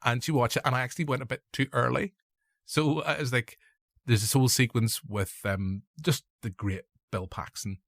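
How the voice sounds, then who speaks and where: Norn irish guy chatting films, bit gravelly, self-mocking, dry room. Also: mid-range voice, steady tone, normal speed, fairly bright tone, dry recording. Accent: Northern Irish. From Northern Ireland. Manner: rambling, jokey, self-deprecating. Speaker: podcast host. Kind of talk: casual film review chat.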